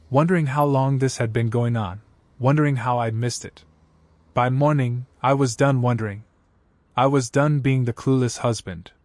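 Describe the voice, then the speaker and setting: A man telling a dramatic first-person story in steady, scripted narration. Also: medium pitch, no echo.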